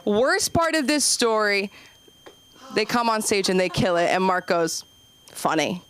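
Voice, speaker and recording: A young woman doing open mic stand-up, rambling and self-deprecating, acting out quoted voices with sudden jumps up in pitch. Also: expressive, measured pace, a crowd in the background. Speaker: stand-up comedian.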